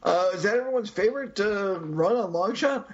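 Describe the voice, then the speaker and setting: A man hosts a casual comic-book podcast, joking and rambling. His voice sits high and sounds husky. The recording is dull and lo-fi. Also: lively intonation, moderate pace. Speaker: podcast host. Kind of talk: casual chat.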